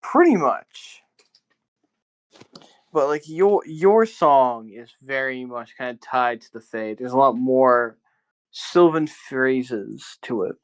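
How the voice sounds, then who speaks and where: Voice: medium pitch, expressive, slow pace, poor audio. A game master narrating a tabletop game in a casual way, with loose phrasing and lots of fillers.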